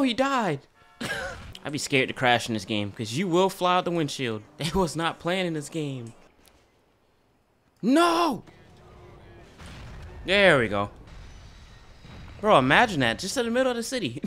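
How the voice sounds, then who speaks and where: Hyped man giving lively gameplay commentary. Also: medium pitch. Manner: hyped, excitable, bursts of loud laughter. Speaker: gaming YouTuber.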